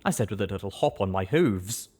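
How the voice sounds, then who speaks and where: A man reading a first-person fantasy audiobook in an expressive storytelling manner. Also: lowish voice, brisk. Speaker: audiobook narrator.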